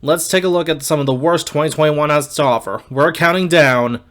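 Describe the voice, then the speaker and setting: A man's voice: on the high side, brisk, fairly bright tone, faint music behind. A young man casually reviewing movies, candid and wry with blunt opinions.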